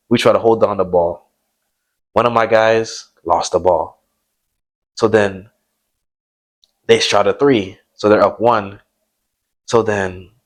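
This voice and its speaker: A young man telling a sports story in casual chat, laid-back, full of fillers. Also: fairly low pitch. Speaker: podcast host.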